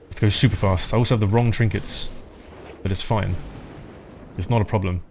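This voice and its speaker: A man with a somewhat low, darkish voice talks through a live game stream, rambling casually, swearing often and chatting to viewers as he plays. His tone stays steady and his pace is a little fast. A little hiss or hum is audible.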